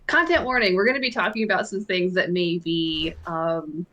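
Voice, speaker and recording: A woman with a lowish voice co-hosting a casual online panel. She chats easily and drops in dry, playful asides. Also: normal speed, a bit bright, highs cut off. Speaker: panel co-host. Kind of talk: casual chat.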